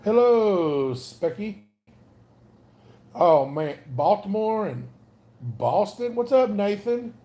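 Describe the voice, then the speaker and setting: A man's voice: high voice, very animated, takes it slowly, long pauses, warm tone. A man with a Southern Alabama accent, rambling casually and greeting viewers by name on a livestream. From North Alabama. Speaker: livestream host.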